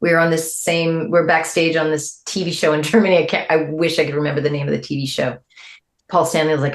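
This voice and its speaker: Quick to laugh and full of animation, a middle-aged woman appears as a guest musician in a casual interview chat, her voice springing upward each time she repeats what others said.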